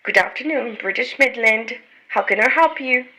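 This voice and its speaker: A woman's voice: a little high, lively intonation, normal speed, pushed and bright, voice pushed up, poor audio. A woman voicing a polite, apologetic female airline receptionist on the phone.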